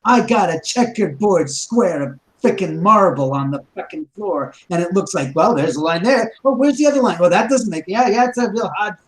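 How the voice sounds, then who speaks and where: A man's voice: high voice, lively intonation, moderate pace, few pauses, a little hiss or hum, poor audio. A man casually telling a ghost story about his house, rambling with restarts and acting out quoted dialogue.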